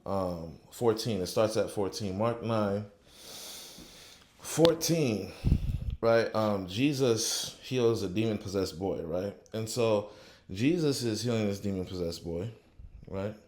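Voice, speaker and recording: A man's voice: on the low side, animated, darkish tone. A man giving a casual motivational talk on faith, punctuating nearly every phrase with "right?", reflective and then fervent. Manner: unhurried and reflective, growing fervent when preaching. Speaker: motivational speaker. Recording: echoey room.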